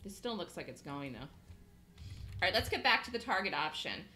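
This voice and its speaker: A woman hosting a live trading room, talking fast and emphatically, repeating her points and laughing easily. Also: lowish voice, sing-song, sharp tone, echoey room, faint music behind, low-quality recording.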